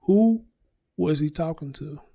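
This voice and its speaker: A man's voice: medium pitch, level tone, moderate pace, darkish tone, no echo. A man hosting a casual news commentary show, talking bluntly and profanely and repeating his points for emphasis. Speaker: show host.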